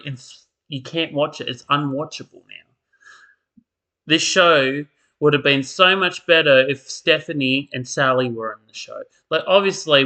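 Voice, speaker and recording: Possibly a man, this soap opera commentator rants casually in a mid-range, gravelly, bright voice with a forceful tone. He sounds tired and exasperated and does mocking impressions of the characters.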